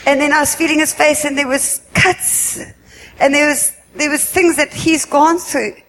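A woman giving an earnest spoken religious testimony at a worship meeting, halting and often repeating herself. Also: high-pitched, fairly even intonation, a bit bright, a little hiss or hum. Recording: echoey hall with long reverb, faint ambience.

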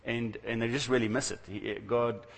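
A man's voice: mid-range voice, flat delivery, normal speed, gravelly. A man preaching a sermon in a conversational, storytelling way, acting out the voices of the people he quotes. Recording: long hall reverb.

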